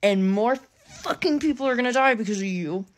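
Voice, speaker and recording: A woman's voice: fairly high pitch, lively intonation, brisk. Furious, swearing woman ranting. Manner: furious, profane, swearing constantly. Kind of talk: angry rant to camera.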